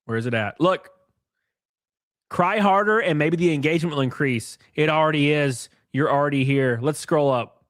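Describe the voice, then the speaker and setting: A man's voice: a little high, normal speed, no room sound, clean studio sound. A man live-streaming, reading posts aloud and ranting at them in a mocking, profane way while drinking. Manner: mocking, profane, animated rants.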